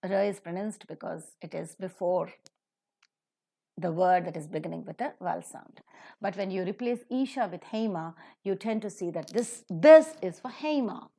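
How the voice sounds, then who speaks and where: A woman's voice: fairly low pitch, creaky, dark tone. Woman teaching pronunciation. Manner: slow, emphatic model sentences for the class. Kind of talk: phonetics lesson.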